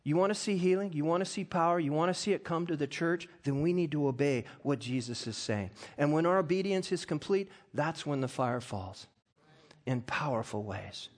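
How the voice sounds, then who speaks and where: Animated and fairly high-pitched at normal speed, a middle-aged pastor delivers his sermon through scripture readings and stories. These build up into loud, impassioned peaks.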